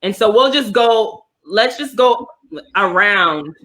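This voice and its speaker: A woman with a New York accent co-hosts a loose, friendly game night chat. Her voice is bright and forward, and she rambles with animated energy, laughing as she goes. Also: medium pitch, slow pace. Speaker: co-host. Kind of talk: casual chat on a video call.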